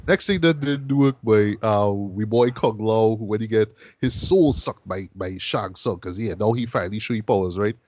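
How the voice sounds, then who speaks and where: A man's voice: fairly low pitch, moderate pace, few pauses, darkish tone, dry recording. A man hosting a casual film review chat, talking loosely and often tagging his sentences with "boy". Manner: loose and conversational, repeats "boy" as a tag. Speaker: podcast host.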